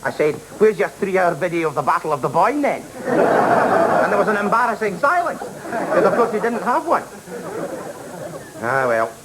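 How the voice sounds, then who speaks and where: An actor playing an indignant, bigoted middle-aged husband who rants at his wife in a TV sketch. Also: on the high side. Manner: indignant ranting. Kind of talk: 1980s TV sketch comedy. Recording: noisy old TV broadcast.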